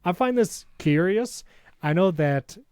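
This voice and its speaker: A man's voice: high-pitched, expressive, a little mellow, clean tone, no room sound. A man co-hosting a tech podcast, chatting casually and reading a sponsor spot with enthusiasm. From Hispanic background. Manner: enthusiastic, reads sponsor spots with quick asides. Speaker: podcast co-host.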